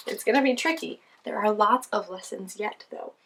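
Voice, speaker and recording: Gravelly, cheerful woman reading to kids. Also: medium pitch, normal speed, a bit bright, a little hiss or hum. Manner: cheerful, sing-song, laughs often. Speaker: children's show host. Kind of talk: reading picture books to children.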